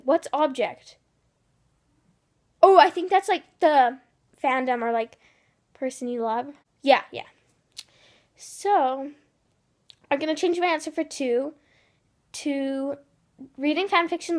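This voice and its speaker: Chatty high-voiced teen girl vlogger. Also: a little mellow. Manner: chatty, reads quiz options aloud. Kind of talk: casual vlog narration.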